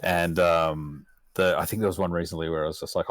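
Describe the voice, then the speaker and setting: A man's voice: sits low, little pitch movement, brisk, no echo. A young Australian man, a podcast guest, chatting casually, rambling and swearing with little chuckles.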